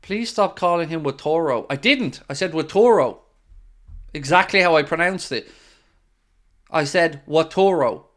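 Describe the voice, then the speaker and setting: Excitable Irish man reacting to football. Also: fairly high pitch, moderate pace. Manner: excitable, jumps into play-by-play shouts. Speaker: watchalong host. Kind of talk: live match reaction commentary.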